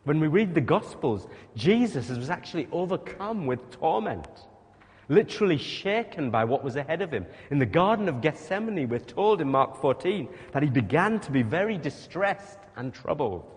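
A man's voice: a little high, sing-song, moderate pace. A man preaching a sermon, speaking emphatically and putting rhetorical questions to the congregation. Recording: long reverb of a large hall.

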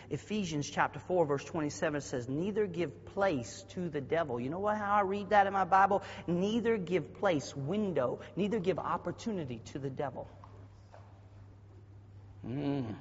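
A man from the American South with a Southern accent, preaching a sermon as pastor with a husky voice, dropping to quiet asides and then bursting into loud shouted passages. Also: on the high side, normal speed, a little hiss or hum. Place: church sanctuary. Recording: dull audio with long hall reverb.

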